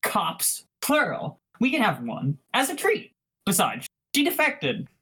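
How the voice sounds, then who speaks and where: A woman's voice: mid-range voice, wildly swooping pitch, takes it slowly, fairly bright tone, husky, pitched above the performer's own voice, exaggerated voice. A woman voicing a bossy young woman who chairs a meeting in an officious, chirpy manner.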